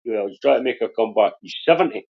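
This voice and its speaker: A man's voice: fairly low pitch, expressive, very fast, vocal fry, slightly rough. A British man on a live stream, rambling through memories with frequent laughs and swearing. His voice comes through dull, lo-fi stream audio. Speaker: stream co-host. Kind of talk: casual live-stream chat.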